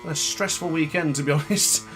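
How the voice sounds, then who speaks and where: A YouTuber plays a motorbike racing game, speaking at a moderate pace in a fairly high voice over music and engine noise. His live commentary is frustrated, with frequent muttering and self-scolding.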